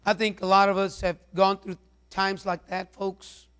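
High voiced preacher guy rambling thru his sermon, lots of and, and, and. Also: monotone, unhurried, a bit bright, smooth. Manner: rambling, repeats words and fillers. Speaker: pastor.

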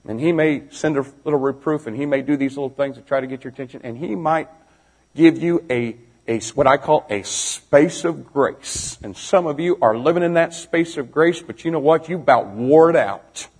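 A man preaching a storytelling sermon to young people, swinging from shouting to hushed near-whispers and firing direct questions at the listeners. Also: a little high, moderate pace, slightly rough. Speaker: preacher, youth pastor.

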